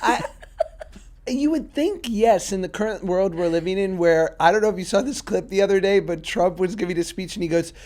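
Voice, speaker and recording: A man in his thirties co-hosts a casual podcast chat, telling stories in a relaxed way. He laughs often and swears freely as he talks. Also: high-pitched, brisk. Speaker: podcast co-host.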